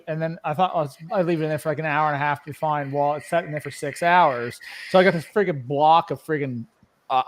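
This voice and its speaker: A man with an East Coast Canadian accent chatting casually on a livestream, rambling and laughing often. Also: a little high. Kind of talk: casual chat.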